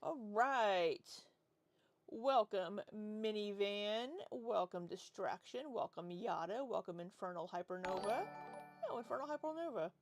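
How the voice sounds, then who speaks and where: Slow-talking woman streamer in her forties. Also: mid-range voice, expressive, faint music behind. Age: 40s. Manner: rambling, reads chat aloud and answers. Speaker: livestream host. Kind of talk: casual livestream chat.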